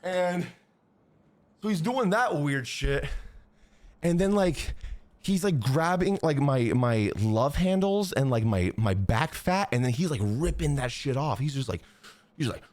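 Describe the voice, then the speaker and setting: A man talks to his live chat from a dry, close desk mic. His pitch swings widely as he tells a crude story. He swears freely and keeps a casual, animated delivery. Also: unhurried, no room sound. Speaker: streamer.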